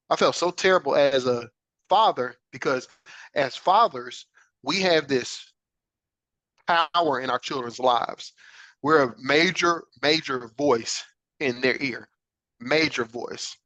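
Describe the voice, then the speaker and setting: Bright-voiced man telling a personal story. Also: medium pitch, slow, no room sound, rough recording. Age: adult father. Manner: earnest, reflective, frequent "right?" check-ins. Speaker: podcast host.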